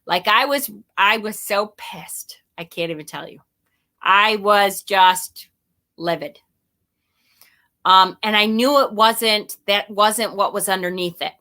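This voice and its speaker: A woman's voice: medium pitch, slow pace, pushed and bright. A woman talking casually and candidly to her viewers, rambling a little, swearing and laughing at herself, and reading viewer comments aloud. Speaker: spiritual vlogger. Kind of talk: casual confessional talk to viewers.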